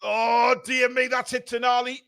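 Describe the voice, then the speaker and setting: A man commentating live on a match for fans, excitable, shouting when play heats up and swearing in jokey banter. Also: extremely high pitch, moderate pace. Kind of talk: fan watchalong commentary.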